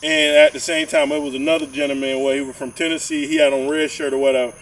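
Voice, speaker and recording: A man talks in a loose, rambling way, often stumbling over repeated words and breaking into preachy asides. His voice sits a bit high for a man. He sounds set back from a distant mic, with a faint hiss behind him. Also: quick pace. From southern Georgia, US. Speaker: podcast co-host. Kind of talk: casual podcast chat.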